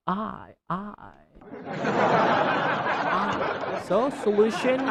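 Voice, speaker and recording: A woman with a low voice teaches English pronunciation, and her pitch swings widely as she repeats each sound and word. She drills slowly and deliberately, breaking in with playful jokes. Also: fairly bright tone. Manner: drills sounds and words over and over, slow and deliberate; playful, jokey asides. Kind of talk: pronunciation lesson.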